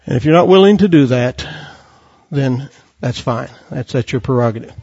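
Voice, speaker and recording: A man's voice: medium pitch, expressive, normal speed, darkish tone, husky. A man preaching a sermon with passion, quoting scripture and firing off rhetorical questions. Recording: dull lo-fi recording.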